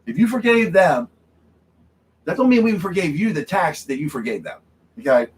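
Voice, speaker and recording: In a home studio, a man hosting a drinking livestream rants angrily, repeating himself and tagging his points with "okay?". His voice is fairly high-pitched and expressive at a moderate pace, and the recording is rough.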